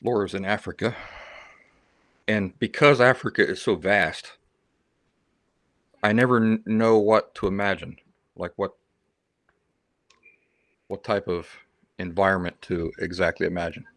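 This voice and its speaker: A man's voice: low-pitched, fairly even intonation, a little slow, long pauses, a bit bright, no room sound, studio quality. A man hosting a livestream, telling stories in a rambling, chatty way and reading out viewer comments. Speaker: livestream host. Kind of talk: casual livestream chat.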